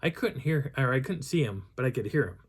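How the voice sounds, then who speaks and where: A man's voice: medium pitch, lively intonation, brisk, husky. A man telling a rambling story about a mountain hike, with many restarts, stopping to act out the voices of people he met. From Colorado high country. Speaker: Bigfoot researcher telling a field story. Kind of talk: casual storytelling.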